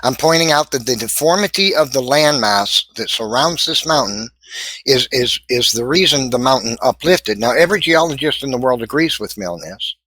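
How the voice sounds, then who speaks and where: A man's voice: medium pitch, lively intonation, normal speed, pushed and bright, no echo, low-quality recording. A man arguing his case in an online debate, walking through slides and asserting his points firmly. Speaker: young earth creationist debater. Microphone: video call audio.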